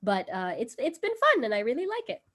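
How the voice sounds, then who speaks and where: A woman's voice: fairly high pitch, sing-song, fast, a bit bright, a little hiss or hum. A woman hosting a casual live cooking stream from home, chatty and giggly with lots of fillers. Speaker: livestream cooking host. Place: home in Brooklyn.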